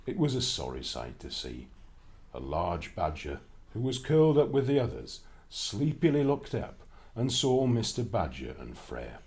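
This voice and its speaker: In a fairly low, unhurried voice, a man reads a children's storybook aloud. He reads expressively and with plenty of life, his pitch rising and falling a great deal.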